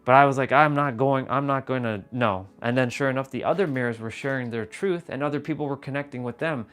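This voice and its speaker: A man's voice: mid-range voice, fast talker, a bit bright, smooth, soft background music. A man hosting a casual spiritual live stream, earnest and profane, repeating himself and calling his viewers brother.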